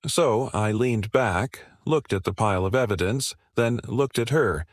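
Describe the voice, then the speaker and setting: A man giving scripted narration in a measured, confident storytelling manner, asking the listener rhetorical questions. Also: lowish voice, no room sound, studio quality.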